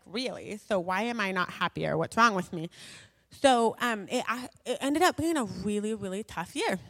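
A woman with a medium-pitched, fairly bright voice shares a personal faith testimony with an audience, rambling and poking fun at herself with plenty of filler words. The studio-quality recording carries a long hall reverb.

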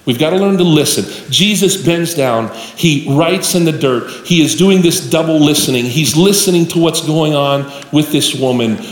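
A man's voice: on the high side, moderate pace, few pauses. A male pastor preaching a sermon with folksy storytelling, addressing the congregation directly. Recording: echoey live hall with room noise.

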